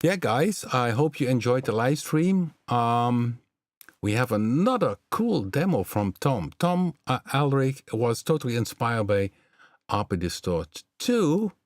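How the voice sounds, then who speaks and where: A man's voice: medium pitch, very animated, takes it slowly, no echo, studio quality. A man from the southern Netherlands with a Dutch accent and Limburgish as his first language, hosting a live stream in a rambling, chatty way with many fillers. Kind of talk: casual live stream chat.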